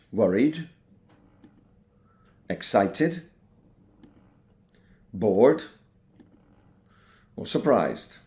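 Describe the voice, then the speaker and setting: A middle-aged man, a teacher trainer, giving an instructional talk to teachers and acting out classroom phrases in animated voices. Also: on the low side.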